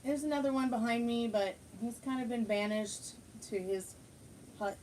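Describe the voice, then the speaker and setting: A woman's voice: fairly high pitch, normal speed, darkish tone, a little hiss or hum, low-quality recording. A woman hosting a casual livestream chat at home, greeting viewers and rambling with many fillers and restarts. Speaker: livestream host.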